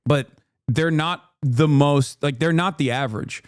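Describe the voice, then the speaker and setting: A man's voice: on the high side, unhurried, clear, resonant tone, no echo, clean studio sound. Blunt slangy man reacting to a clip. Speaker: streamer reacting to a debate clip. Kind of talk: casual reaction commentary.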